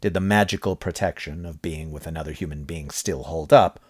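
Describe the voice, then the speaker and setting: A man narrating a horror story from a script, with expressive, dramatic delivery. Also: very deep voice, brisk. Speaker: audiobook narrator.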